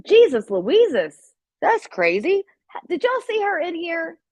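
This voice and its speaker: A woman's voice: extremely high pitch, huge pitch swings, measured pace, darkish tone, dry recording. A woman hosting a casual livestream, rambling and swearing as she talks straight to her viewers. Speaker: livestream host. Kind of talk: casual live-stream chat.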